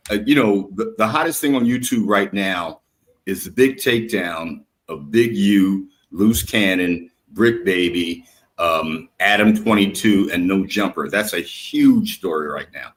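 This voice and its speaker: Slow, slurring man rambling on a live stream. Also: on the low side. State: drinking, slightly slurred. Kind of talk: casual live-stream debate.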